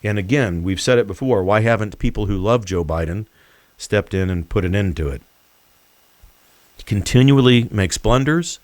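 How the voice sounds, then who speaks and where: A man's voice: fairly low pitch, dry recording. Emphatic male political commentator. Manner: emphatic, deliberate, mocking. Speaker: host.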